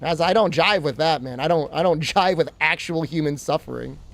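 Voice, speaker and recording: A man's voice: a little high, a little fast, gravelly, fairly bright tone. A man streaming a game, rambling and joking with his chat in a casual way. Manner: rambling, joking, talks to chat while playing.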